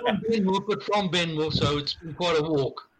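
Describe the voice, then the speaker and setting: A man with a New Zealand accent, calling in as a quiz contestant in a relaxed, friendly way. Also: a little high, normal speed, crowd noise, poor audio. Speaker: caller contestant.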